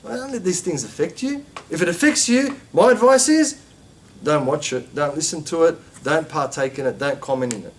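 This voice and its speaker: A man teaching a religious class, talking in an animated way with many rhetorical questions and emphatic repetition. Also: on the high side, moderate pace, slight background noise. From Australia.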